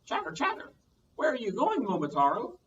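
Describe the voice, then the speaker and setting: Man doing a squeaky chattering monkey. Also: huge pitch swings, brisk, fairly bright tone, far from the mic, lo-fi sound, slight background noise, full character voice. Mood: excited.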